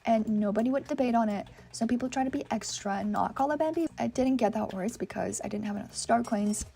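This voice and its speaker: A young woman hosting a gaming channel, chatting excitedly and reacting to viewer submissions with lots of "oh my gosh". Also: on the high side, fast talker, vocal fry. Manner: reads viewer submissions aloud and reacts to them. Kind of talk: casual gaming commentary.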